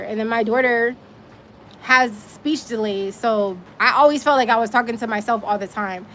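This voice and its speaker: A woman telling her own story on a casual livestream, animated and emphatic, swearing now and then. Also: on the high side, a little fast, slight background noise.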